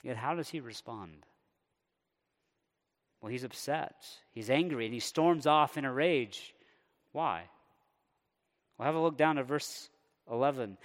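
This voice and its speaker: A man preaching a sermon, animated and conversational, sometimes voicing a character's indignant thoughts. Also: on the high side, unhurried, long pauses. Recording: long hall reverb.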